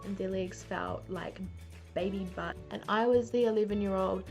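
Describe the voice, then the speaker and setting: A woman's voice: mid-range voice, normal speed, darkish tone, faint music behind. A young woman telling funny stories to camera, chatty and self-mocking, full of "like". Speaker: beauty vlogger. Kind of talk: casual storytelling to camera. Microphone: camera mic.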